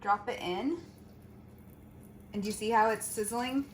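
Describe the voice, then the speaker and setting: Young female co-host, upbeat, casual cooking demo, slightly high voice, faint noise behind. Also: a little slow, poor audio. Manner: upbeat, talks straight to viewers. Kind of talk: casual cooking demonstration and chat.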